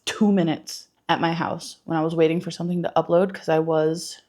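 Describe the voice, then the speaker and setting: A woman's voice: deep voice, little pitch movement, fairly quick, darkish tone. A woman chatting to camera in a casual, rambling vlog, laughing often and swearing casually. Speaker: book vlogger.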